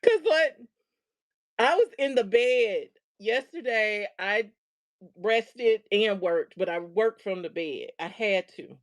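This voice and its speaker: A woman's voice: medium pitch, lively intonation, slow. A middle-aged woman hosting a show, casually telling a funny story and laughing often as she talks. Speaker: host.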